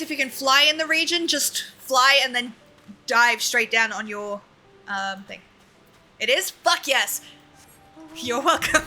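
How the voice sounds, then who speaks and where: A young woman streamer chats loosely with her audience while she plays, quick to laugh and swear. Her voice is high and piercingly bright, with faint game music under it. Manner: chatty, swearing, laughing often, talking to chat. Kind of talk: casual gaming livestream chat.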